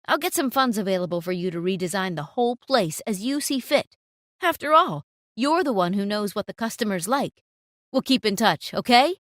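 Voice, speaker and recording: A woman's voice: mid-range voice, animated, normal speed, no room sound, studio quality, close to an everyday voice. A woman voicing a stern, authoritative male cafe owner who scolds his manager, in a storytime narration. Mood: firm.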